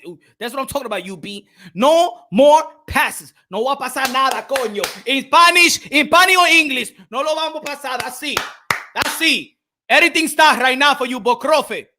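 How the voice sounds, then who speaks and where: High-voiced man trash-talking boxing. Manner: animated, shouting, trash-talking. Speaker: boxing commentator. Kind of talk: live stream trash talk.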